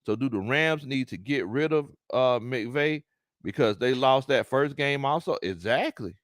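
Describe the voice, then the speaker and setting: This sports talk host has a Southern US accent and a mid-range voice that moves a little slowly. He reads the live chat aloud on his casual stream, laughing a lot and repeating himself, in a clean studio recording with no room sound.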